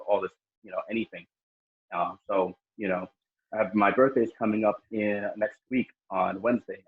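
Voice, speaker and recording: A man's voice: deep voice, slightly rough, phone-quality sound. A man guesting on a casual podcast, talking in a laid-back, rambling way about his streams.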